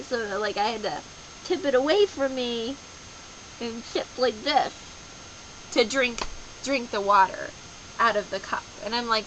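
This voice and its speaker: A young woman talks straight to camera in a loose, rambling video-diary style, bouncing between stories. Her voice is bright and a little high. A faint hiss sits under the recording. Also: normal speed, rough recording. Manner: chatty and rambling, animated with playful voices. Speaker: vlogger. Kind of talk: casual daily video diary.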